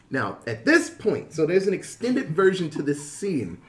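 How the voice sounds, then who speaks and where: Animated man retelling a movie. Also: sits high, moderate pace. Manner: animated storytelling with crude slang. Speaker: podcast co-host retelling a film. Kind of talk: casual chat. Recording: roomy echo.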